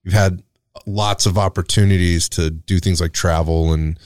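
A man hosting a casual interview, relaxed and affirming, prompting his guest with quick asides. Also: deep voice, no echo, studio quality. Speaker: podcast host.

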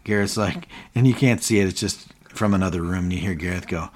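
A man's voice: deep voice, brisk, few pauses, a little mellow. A man co-hosting a podcast, casually retelling scenes and quoting characters in lightly shifted voices. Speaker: podcast co-host.

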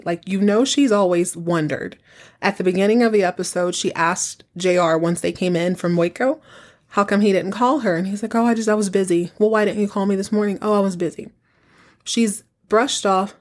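A woman hosting a podcast, casually recapping a TV episode in an animated, emphatic storytelling manner. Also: on the low side. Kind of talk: casual chat.

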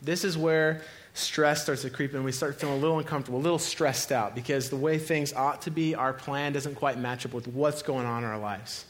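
A male pastor preaching a sermon, animated, swinging between loud cries to God and quiet, low passages. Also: a little fast, hardly any pauses.

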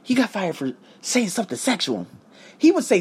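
A man in his thirties hosts his own podcast, telling a rambling story full of swearing and side tangents. His voice is a bit husky, and his pitch swings widely from low mutters to high bursts. He is from Las Vegas and pauses now and then for a sip of his drink. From Las Vegas, United States. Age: 30s. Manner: animated, profane, drifts off into asides; sipping cognac while talking. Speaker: podcast host. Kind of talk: casual storytelling monologue.

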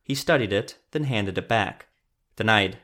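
A man narrating a fantasy story in a measured, steady reading voice. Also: medium pitch.

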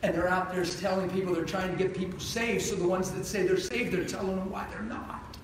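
Casting: high-pitched man preaching a sermon story, noisy room tone. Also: brisk. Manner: animated storytelling, rising to fervent shouts. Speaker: traveling preacher. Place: large hall with responding congregation. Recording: echoey hall from far off, noisy.

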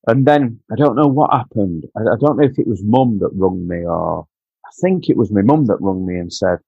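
Guy, lowish voice, a bit husky, stumbles and repeats himself telling a personal story, dull dry lo-fi sound. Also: animated, no room sound. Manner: halting, repeats words, quiet and choked in emotional parts.

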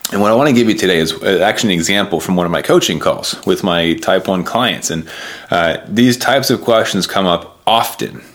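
A man's voice: sits low, a bit bright. A young man, a diabetes coach, talking earnestly in a rambling personal vlog, often filling with "you know" and "right".

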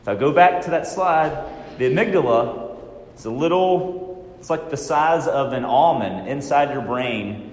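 A man giving a training talk to real estate agents in a large room, lively, often acting out worried inner voices. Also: mid-range voice, a little slow, reverberant, long reverb tail.

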